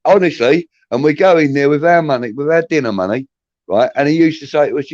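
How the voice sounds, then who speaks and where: A man's voice: fairly high pitch, quick pace, darkish tone, dry recording. A man in his fifties from southeast England, telling rambling anecdotes in casual chat. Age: 50s. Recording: dry muffled lo-fi audio.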